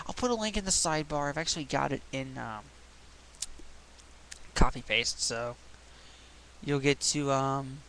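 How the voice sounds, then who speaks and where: A man's voice: mid-range voice, a little slow, long pauses, a bit bright, slight background noise, rough recording. A man ranting in a video blog, sarcastic, exasperated and profane as he mocks someone. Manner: profane, mocking. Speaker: video blogger. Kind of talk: ranting vlog.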